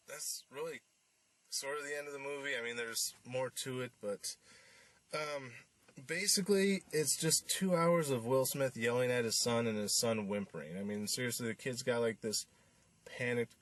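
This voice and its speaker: A man's voice: medium pitch, fairly bright tone, no echo. A man hosting a podcast, recapping a film in a casual, rambling way with lots of fillers and restarts. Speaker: podcast host reviewing a film.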